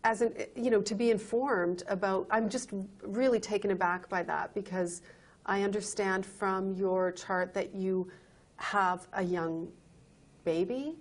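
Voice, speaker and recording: A woman's voice: mid-range voice, fairly even intonation, unhurried, close to an everyday voice. A woman playing a clinic counselor in a training video, insistently lecturing a patient about his health. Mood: pressing.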